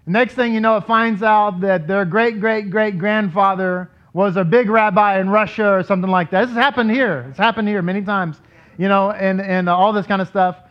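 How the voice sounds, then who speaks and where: A high-voiced man gives a rambling, conversational Torah lesson to his congregation, breaking into the voices of the people he quotes. The recording is dull and lo-fi. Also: fairly even intonation, normal speed. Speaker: rabbi teaching a congregation. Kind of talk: casual Torah teaching.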